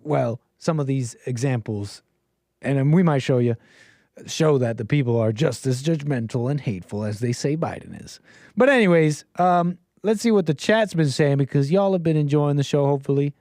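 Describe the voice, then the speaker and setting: A call-in show host runs a casual livestream, chatting with viewers in a rambling, playful way and talking to the chat. His mid-range voice is a little mellow and moves at a moderate pace, with studio-quality sound and no room echo.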